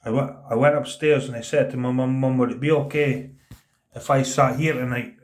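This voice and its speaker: Earnest man in his thirties, halting. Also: medium pitch, steady tone. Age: 30s. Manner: earnest, halting, repeats words, often drops into a quiet voice for quoted speech. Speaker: vlogger telling a personal story. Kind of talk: casual spoken storytelling.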